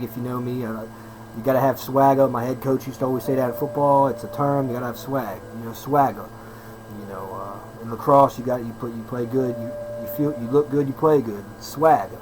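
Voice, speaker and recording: A hyper, upbeat man in his thirties chats casually, rambling and looping back on his words with plenty of slang. His voice sits at an ordinary middle pitch. A faint hiss of noise runs under the recording. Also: darkish tone, rough recording. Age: 30s. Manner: hyper, fast-talking, repeats himself, upbeat slang. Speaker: personal trainer vlogger. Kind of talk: casual rambling vlog talk.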